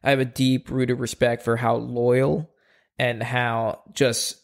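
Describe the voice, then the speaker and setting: Man, podcast co-host, gravelly voice, earnest, repeats himself. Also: medium pitch, flat delivery, slow pace. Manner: earnest, restarts and repeats words. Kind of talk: casual podcast chat.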